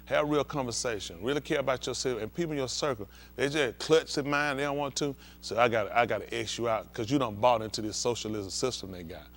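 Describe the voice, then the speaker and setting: A man's voice: medium pitch, quick pace, hardly any pauses, fairly bright tone. A male pastor preaching bluntly and profanely, heated and confrontational, acting out scenes with volunteers from the congregation.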